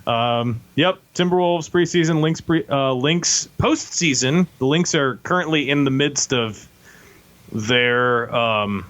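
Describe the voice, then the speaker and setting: A man's voice: medium pitch, a little slow, a bit bright, highs cut off. A man hosting a casual sports podcast, wrapping up with wry, upbeat patter. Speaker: podcast host.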